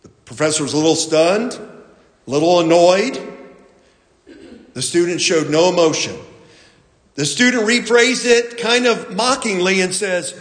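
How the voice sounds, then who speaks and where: High-voiced pastor in an echoey hall. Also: male voice. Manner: unhurried storytelling with fillers and restarts. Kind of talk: sermon.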